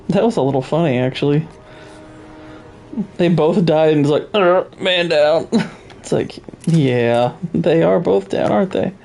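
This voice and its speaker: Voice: medium pitch, a little slow, vocal fry, pauses often, dark tone, faint music behind. A game streamer chatting casually with viewers while playing, laid-back and laughing often. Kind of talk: casual let's play chat.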